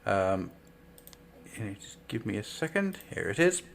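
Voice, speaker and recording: A man's voice: lowish voice, very animated, normal speed, creaky, a crowd in the background. A man hosting a casual podcast chat, playful and teasing, breaking into giggles. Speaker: podcast host.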